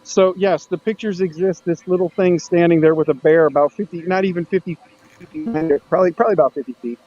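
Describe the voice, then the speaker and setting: A man hosting a casual maker hangout stream, chatting in a loose, rambling way. His voice sits a little high. The audio is muffled and lo-fi. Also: fast, darkish tone. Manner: rambling, restarts often. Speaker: host of a maker livestream. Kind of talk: casual chat.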